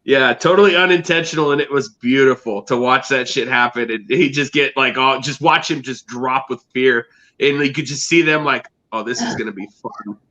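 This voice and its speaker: A man in casual chat, telling stories in a profane, animated way. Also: medium pitch, normal speed. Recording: muffled lo-fi audio.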